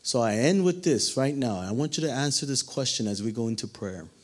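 A man's voice: medium pitch, animated, a little fast. A man preaching a sermon, asking the listeners questions and acting out the quoted lines. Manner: dramatic, acts out quotes, asks the congregation questions.

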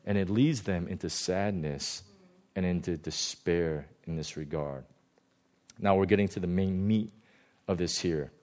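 A male pastor giving a conversational sermon, animated and often chuckling. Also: low-pitched, measured pace.

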